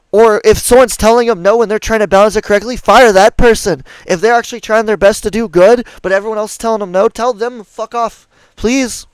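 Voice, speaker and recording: A man's voice: sits high, clean tone, dry recording, poor audio. A young man ranting angrily about a game's balance, profane and exasperated, as a streamer talking to his viewers. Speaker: gaming streamer. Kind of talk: ranting gameplay commentary.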